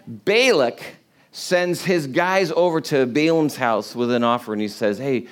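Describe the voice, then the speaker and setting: A man's voice: a little high, lively intonation, a little slow. Chatty, humorous preacher man. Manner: conversational, humorous, filler-heavy. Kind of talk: casual sermon storytelling.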